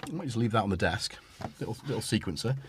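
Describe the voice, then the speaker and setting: Middle-aged british guy rambling on a livestream, lively up-and-down voice, keeps cutting himself off. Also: on the low side, quick pace, slight background noise. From Britain. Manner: rambling, self-interrupting, chatty with the audience. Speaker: livestream host. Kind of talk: casual livestream chat. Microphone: studio microphone.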